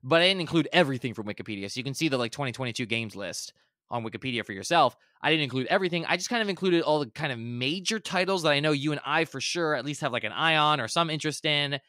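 A man with a bright, forward voice co-hosts a podcast in loose, rambling chat. He backtracks and corrects himself often but stays eager. The sound is close and dry. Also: on the high side, animated, quick pace, no echo. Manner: rambling, self-correcting, enthusiastic. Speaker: podcast co-host. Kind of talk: casual chat.

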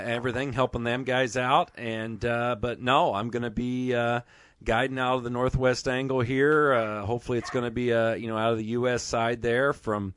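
A man hosting a fishing podcast in casual, joking chat, full of "uh"s and rambling asides. His voice sits at an ordinary middle pitch and is recorded dry and close, with no room sound. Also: fairly bright tone, no room sound. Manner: joking, rambling, many "uh" fillers. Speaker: podcast host.

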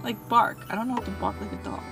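A woman's voice: mid-range voice, fairly even intonation, fast talker, gravelly, music in the background, low-quality recording. Playful, giggly woman in a car. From Canada. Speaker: vlogger and mother. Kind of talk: casual chat. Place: inside a car.

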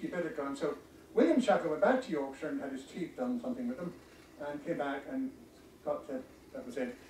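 Halting lecturer in an echoey room. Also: male voice, on the high side, a little mellow, far from the mic, a little hiss or hum. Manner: halting, many ums and restarts. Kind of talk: illustrated history lecture.

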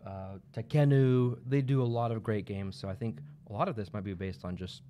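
A man's voice: fairly low pitch, fairly even intonation, brisk, mellow, slight background noise. A man co-hosting a game store livestream in casual chat, laid-back and joking, with plenty of fillers.

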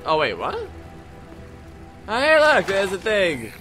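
A man's voice: high voice, wildly swooping pitch, slow pace. A young man commenting on a video game as he plays, sarcastic and joking, with sudden exclamations. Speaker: let's play host. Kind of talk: gameplay commentary. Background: loud game music.

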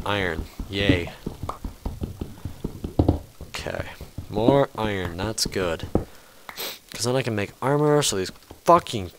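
A man with a somewhat low voice talks through a game as he plays, easily startled and scolding the game out loud. His chat is casual and he swears now and then. There is a steady hiss of noise under the voice from an amateur recording. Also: slow pace, long pauses. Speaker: let's play host. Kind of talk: casual gameplay commentary.

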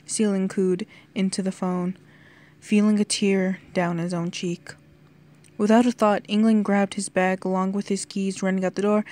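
A woman's voice: mid-range voice, little pitch movement, moderate pace, a little mellow. A woman casually reading a fan fiction chapter aloud as narrator. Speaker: fanfiction reader.

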